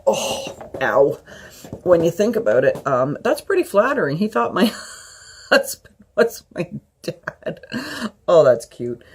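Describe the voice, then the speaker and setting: Breathy woman in her fifties rambling. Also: lowish voice, sing-song. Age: 50s. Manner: rambling, halting with many fillers. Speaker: vlogger. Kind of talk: personal storytelling.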